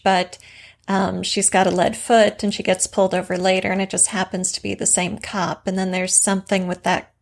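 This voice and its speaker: A woman's voice: mid-range voice, creaky. A woman co-hosting a writing podcast, talking casually and thoughtfully about story craft. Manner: conversational, reflective, warm affirmations.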